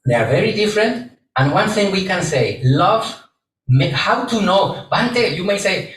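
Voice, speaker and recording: A man, a Buddhist monk, giving a gentle sermon to a live audience and repeating phrases for emphasis. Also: sits high, sing-song, normal speed. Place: large echoey hall with audience. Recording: roomy hall, distant mic, faint background hum.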